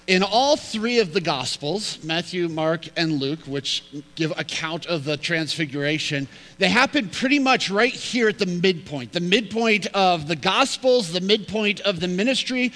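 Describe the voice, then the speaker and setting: Brief: male pastor, fairly high bright voice, emphatic storytelling sermon. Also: low-quality recording. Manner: storytelling, emphatic with repeated phrases.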